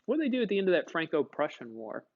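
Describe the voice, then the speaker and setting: A man's voice: on the high side, sing-song, rapid-fire. Guy teaching history class, folksy, keeps asking the kids questions, kinda muffled lo-fi sound. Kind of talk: classroom lecture.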